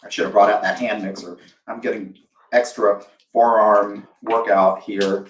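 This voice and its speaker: A man's voice: on the low side, flat delivery, measured pace, echoey room, far from the mic, rough recording. A man from the American South hosting a live cooking demo, chatty and self-deprecating, acting out imagined reactions as he talks through a recipe. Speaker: host of a live cooking show.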